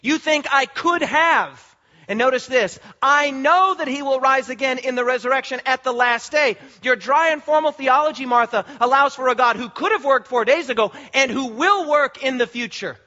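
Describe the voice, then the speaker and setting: A pastor delivers an emphatic sermon in a very high, bright voice that rings with tension. He repeats words and restarts phrases as he drives his points home. The recording sounds muffled and lo-fi. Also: normal speed. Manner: emphatic preaching with repetitions and restarts.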